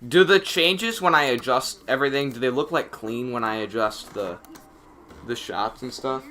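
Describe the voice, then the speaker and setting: A man giving live play-by-play reaction commentary on a hockey game, excitable and getting loud on penalties, with chatty asides between plays. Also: mid-range voice, normal speed. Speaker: streamer calling the game.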